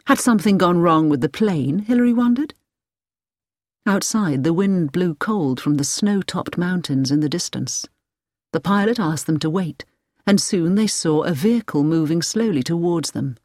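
A woman reading a story aloud as a narrator, clear and measured. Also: lowish voice, expressive, mellow, no echo, clean studio sound. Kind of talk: scripted audiobook narration.

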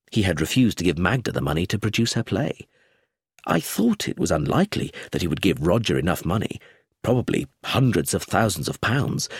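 Husky, expressive audiobook narrator. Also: male voice, fairly low pitch, no echo, studio quality. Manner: first-person storytelling, expressive.

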